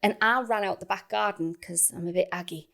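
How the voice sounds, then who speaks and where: Lively woman telling a story. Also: mid-range voice, a little fast, gravelly. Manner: animated, laughing, acting out other people's lines. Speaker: podcast co-host. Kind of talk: casual storytelling chat.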